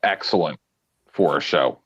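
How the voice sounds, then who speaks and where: A man's voice: very deep voice, measured pace, a bit bright, husky, no room sound. A man hosting a casual political chat and questioning the other speakers with wry sarcasm. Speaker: host. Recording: muffled dry stream audio.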